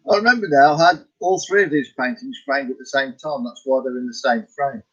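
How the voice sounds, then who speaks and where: Rambling Scottish man, husky and lo-fi. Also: medium pitch, brisk. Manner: rambling, chuckling, talks to himself. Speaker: artist vlogger. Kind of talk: casual chat about his paintings.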